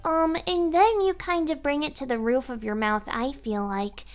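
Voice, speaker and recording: A woman's voice: sits high, steady tone, normal speed, voice pushed up. A woman putting on a small girl's voice while she explains voice technique. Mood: playful. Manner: chatty, explaining while in character. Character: small cute girl, light and playful. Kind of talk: voice acting demonstration.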